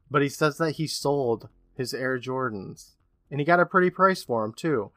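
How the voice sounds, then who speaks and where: Animated man recapping a horror episode. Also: medium pitch, moderate pace, no echo, studio quality. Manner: animated storytelling, acts out quotes. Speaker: podcast co-host. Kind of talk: casual recap chat.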